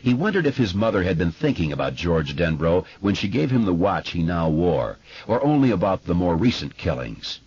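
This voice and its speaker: A man narrating an audiobook in a measured, expressive way, recorded in a studio. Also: low-pitched, husky, no echo, muffled recording. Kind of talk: scripted narration.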